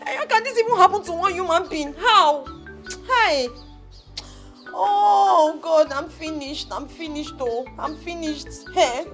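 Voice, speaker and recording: High-voiced young Nigerian woman, emotional and insistent. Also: animated, moderate pace, sharp tone, faint music behind, exaggerated voice. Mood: distraught. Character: distraught young woman, grieving fiancé's loss. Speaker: daughter.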